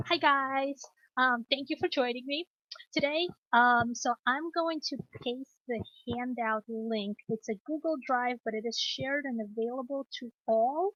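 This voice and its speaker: A woman with a Moscow Russian accent, a native Russian speaker, teaching an online class in a relaxed way with many ums and restarts. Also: sits high, measured pace, no echo. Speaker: class instructor. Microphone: computer mic on a video call. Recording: dull lo-fi video call audio.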